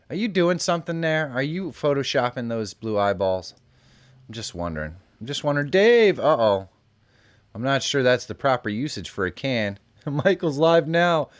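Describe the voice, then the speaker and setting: A middle-aged man hosting a live stream, chatting casually, reacting to messages and laughing often. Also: medium pitch. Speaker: live show host. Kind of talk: casual live-stream chat reading comments.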